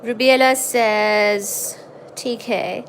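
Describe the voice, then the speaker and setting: Woman, high voice, unhurried, casual home livestream, chatty, coos at her cat. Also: steady tone, slight background noise. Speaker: livestream host reading chat.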